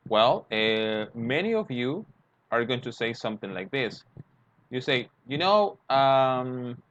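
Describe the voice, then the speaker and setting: A man's voice: medium pitch, big pitch swings, slow pace, a bit bright. A man teaching English grammar, explaining step by step and acting out short example dialogues. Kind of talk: grammar lesson. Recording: dull lo-fi sound, faint noise.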